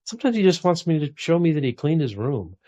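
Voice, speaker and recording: A man's voice: on the high side, very animated, quick pace, no echo, lo-fi sound. A man in his forties talking reflectively in a casual conversation, full of restarts and small asides. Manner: reflective, warm storytelling with frequent restarts.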